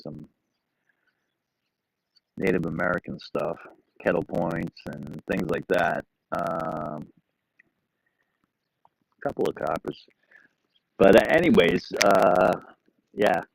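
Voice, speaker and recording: A man's voice: deep voice, vocal fry, rough recording. A middle-aged man hosting a live stream, chatting casually and rambling in an easygoing way to his viewers. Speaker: livestream host.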